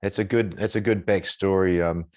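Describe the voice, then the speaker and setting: Deep-voiced middle-aged male host. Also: normal speed. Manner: calm, reassuring, explains step by step. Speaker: podcast host. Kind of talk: casual interview chat.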